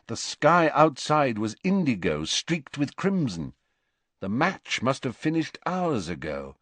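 A man narrating a storybook in an expressive, animated way. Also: lowish voice, slightly rough, no room sound. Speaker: audiobook narrator. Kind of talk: storybook reading.

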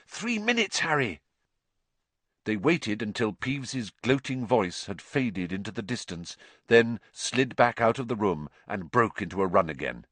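A man narrating a storybook audiobook with expressive, varied reading. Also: lowish voice, moderate pace, hardly any pauses, slightly rough, no room sound.

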